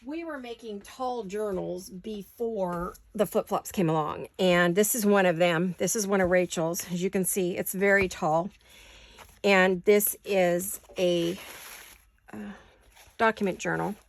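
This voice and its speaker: In a dry recording, a mid-range female voice moves at a measured pace through a casual crafting tutorial. The host works at home, hiccuping as she rambles chattily and keeps correcting herself.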